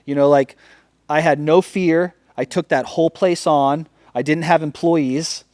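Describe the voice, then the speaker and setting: Man, slightly higher voice, emphatic and profane, casual storytelling, dry close sound. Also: steady tone, unhurried, a little mellow, dry recording. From Northern California. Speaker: podcast guest, company founder.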